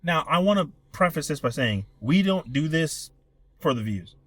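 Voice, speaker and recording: A young man with a fairly high, animated voice co-hosts a casual podcast chat at a moderate pace, recorded dry. He rambles and swears as he tells stories, often cutting himself off mid-sentence.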